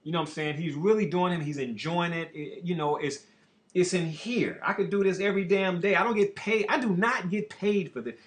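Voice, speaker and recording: A man's voice: sits high, a little fast. A man hosting a show who rants in a brash, boastful and profane monologue. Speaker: show host. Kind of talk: ranting monologue. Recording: echoey room.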